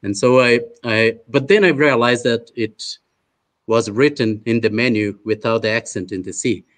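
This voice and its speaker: Speaking at a normal speed in a mid-range voice, this Brazilian man moderates a roundtable held over a video call. He introduces the panelists hesitantly and chattily, with a Brazilian Portuguese accent and plenty of filler uhs.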